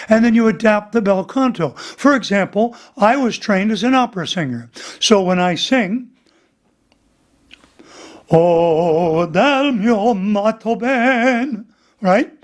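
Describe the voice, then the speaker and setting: Older male vocal coach, high speaking voice, worn tone, animated, demonstrates by singing. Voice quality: voice he says is damaged. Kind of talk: casual teaching interview with sung examples.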